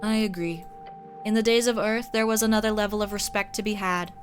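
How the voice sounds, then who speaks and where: A woman reads a detached, otherworldly angel from a fantasy game. The delivery is stiff and formal, held to a flat monotone with almost no pitch movement. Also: a little fast, faint music behind, close to an everyday voice. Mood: cold formal. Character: cold monotone female angel, creature of light. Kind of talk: reading game dialogue aloud.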